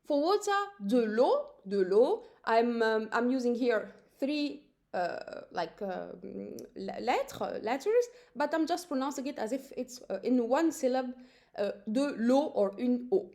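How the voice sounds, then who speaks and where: A woman gives a language lesson in a slightly high voice. She says each word slowly and repeats it so listeners can copy the pronunciation. Her delivery is patient and methodical. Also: lively intonation, vocal fry, a little mellow. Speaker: French teacher.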